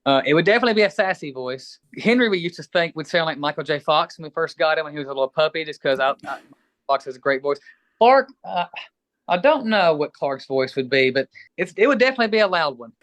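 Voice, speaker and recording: A man's voice: fairly high pitch, brisk, no echo. A middle-aged man from Kentucky, a musician guest chatting casually and a bit rambling in an interview. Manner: relaxed, rambling, friendly.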